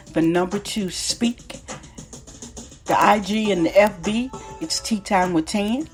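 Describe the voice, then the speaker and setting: A woman's voice: mid-range voice, darkish tone. A woman from Texas with a Southern accent hosting a podcast, talking in an enthusiastic, folksy way as a life coach. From Texas, USA. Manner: enthusiastic, folksy, repeats greetings. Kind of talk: upbeat podcast monologue.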